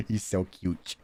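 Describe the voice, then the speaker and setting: A man casually chatting on a livestream, excitable, laughing often and swearing now and then. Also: fairly low pitch. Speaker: streamer.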